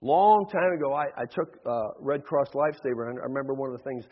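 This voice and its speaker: A man preaching a sermon as pastor, acting out voices in his stories and swinging between loud calls and hushed asides. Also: medium pitch, quick pace. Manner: acts out voices in stories, shifts between shouting and hushed tones. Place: church sanctuary. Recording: dull sound, long hall reverb.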